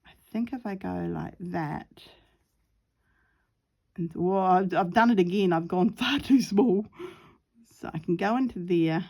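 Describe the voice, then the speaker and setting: A woman's voice: on the low side, unhurried, gravelly, long pauses, mellow. A middle-aged woman chatting casually while she sews, laughing often and acting out the voices in her story. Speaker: craft vlogger.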